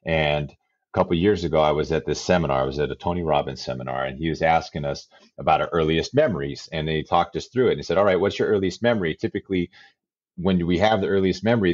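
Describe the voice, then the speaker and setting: Deep-voiced man in his forties, earnest. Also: no echo, muffled recording. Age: 40s. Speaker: interview guest, life coach. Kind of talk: reflective personal storytelling.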